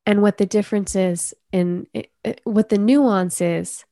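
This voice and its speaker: A woman coach speaking as a podcast guest, earnest and measured as she talks about inner healing. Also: medium pitch, steady tone, warm tone, no echo, studio quality. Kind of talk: reflective conversational interview.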